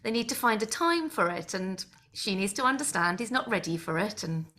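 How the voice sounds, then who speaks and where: A woman's voice: mid-range voice, expressive, brisk, sharp tone. A woman co-hosting a casual chat, thoughtful and chatty, reasoning things through aloud. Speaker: co-host.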